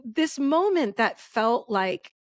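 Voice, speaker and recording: Talking slowly with big swings in a fairly high pitch, a woman in her forties hosts a relaxed podcast chat. She rambles warmly and from the heart, frequently restarting sentences, and the recording is dry.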